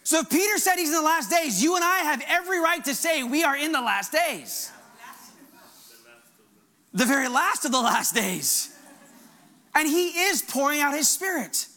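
A male pastor preaching a fervent, animated sermon. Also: extremely high pitch, moderate pace, long pauses.

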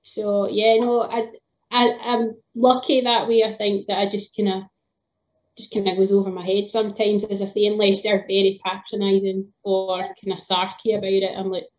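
A woman's voice: medium pitch, flat delivery, normal speed, lo-fi sound. A woman, a tradeswoman chatting casually on a video call, with lots of fillers and laughs. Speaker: tradeswoman guest.

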